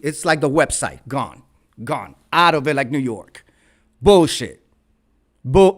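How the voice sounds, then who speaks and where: High-voiced man ranting. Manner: profane, fiery, repeats phrases for emphasis. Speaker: vlog host. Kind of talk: ranting commentary. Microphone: red microphone.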